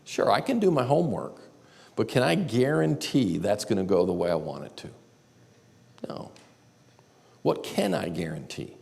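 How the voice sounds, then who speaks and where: A man's voice: fairly low pitch, big pitch swings, moderate pace, gravelly, pauses often, darkish tone. A man giving a candid, self-deprecating storytelling talk at a live seminar. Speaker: seminar speaker. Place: large church auditorium. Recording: live hall recording with long reverb.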